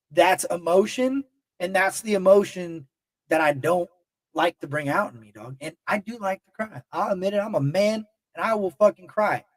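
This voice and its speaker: A man's voice: high-pitched, no room sound. A man hosting a casual livestream to his chat, talking bluntly and heatedly with lots of swearing and rambling. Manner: emotional and heated. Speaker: YouTube livestream host.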